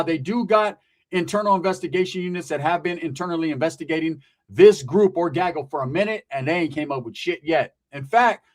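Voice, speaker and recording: A man from Northern California telling a comic story in a high voice. He talks in a rambling, profane, slang-heavy way. He keeps checking in with "right?". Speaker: storyteller, comedian. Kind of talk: comedic storytelling.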